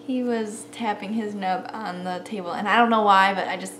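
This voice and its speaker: A woman's voice: mid-range voice, steady tone, moderate pace. A young woman chatting on a couple's vlog, giggly and talkative. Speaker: vlogger. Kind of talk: casual chat. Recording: echoey room with audible noise.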